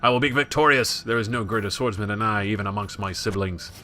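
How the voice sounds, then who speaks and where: A man's voice: on the low side, fast talker, sharp tone, soft background music. A man voicing a grim young male knight heir in a put-on British-ish accent, reading with grave theatrical weight. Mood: solemn resolve.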